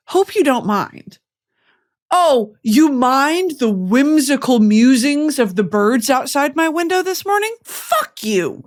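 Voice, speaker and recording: A woman from Texas hosting a comedic podcast, animated and profane as she rants straight to the audience. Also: a little high. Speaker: podcast host.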